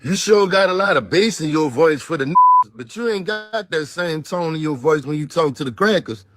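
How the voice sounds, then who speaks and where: A man's voice: fairly high pitch, lively intonation, moderate pace, heavy background noise. A man giving mocking, sarcastic commentary over clips.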